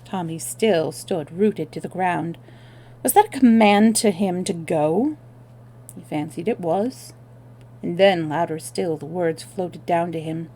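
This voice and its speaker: A woman storyteller reading a novel aloud on a livestream, expressive, with small self-corrections. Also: fairly low pitch, unhurried.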